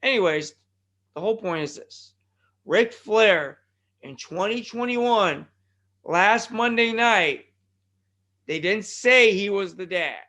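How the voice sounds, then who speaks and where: A man hosting a wrestling podcast, rambling in excitable casual commentary with loud bursts. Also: high voice, slow, pauses often. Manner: excitable, digressive, loud bursts and mock impressions.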